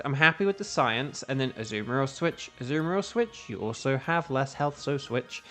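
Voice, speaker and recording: A man's voice: mid-range voice, animated, normal speed, few pauses, a bit bright, soft background music. A young English man chatting casually with his stream chat while playing a game, rambling and humming to himself between moves. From England. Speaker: gaming streamer.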